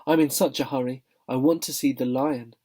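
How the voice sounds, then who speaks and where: A man's voice: mid-range voice, steady tone, moderate pace, a little mellow, lightly acted. A man voicing a young boy who speaks urgently and earnestly. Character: anxious, determined young boy.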